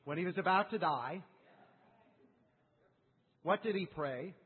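A man's voice: high-pitched, slow pace, husky. Man, preacher, sermon, rhetorical questions, tinny phone-like sound, long hall reverb. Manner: rhetorical questions, acting out quotes.

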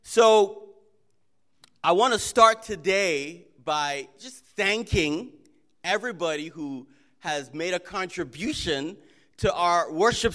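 A man with a high-pitched voice, raised in Jamaica and Trinidad, leads a church welcome as its pastor. He speaks slowly and earnestly, in a conversational way, as he shares announcements with the congregation. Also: lively intonation, pushed and bright.

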